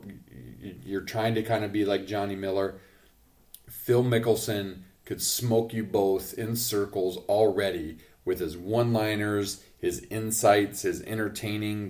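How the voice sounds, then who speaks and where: Opinionated low-voiced male podcast host. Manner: emphatic, opinionated, rising to loud points. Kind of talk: casual sports opinion talk.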